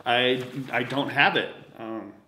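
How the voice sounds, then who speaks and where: A man chatting casually on his vlog, halting with lots of fillers, losing his voice a little. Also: mid-range voice, fairly even intonation, bright, forceful tone, echoey room, slight background noise. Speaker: autograph collecting vlogger. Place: indoors at home at night.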